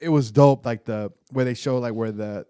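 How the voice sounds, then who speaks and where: A man's voice: medium pitch, moderate pace, dark tone, clean tone, dry recording. Easygoing podcast guy, mid voice, keeps restarting, dry mic. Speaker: podcast co-host. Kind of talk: casual chat.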